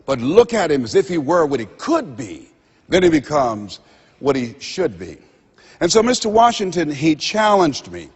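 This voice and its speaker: An older man giving a motivational seminar speech to a live audience, preacher-like, with dramatic pauses and repeated phrases. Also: fairly high pitch, huge pitch swings, darkish tone, husky, highs cut off. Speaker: motivational speaker. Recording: long hall reverb. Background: audience laughter.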